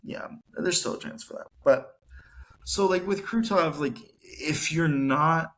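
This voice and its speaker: A man's voice: a little high, measured pace, a bit bright. A man co-hosting a casual hockey podcast, rambling and saying "like" often. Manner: rambling, heavy use of "like". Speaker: podcast co-host.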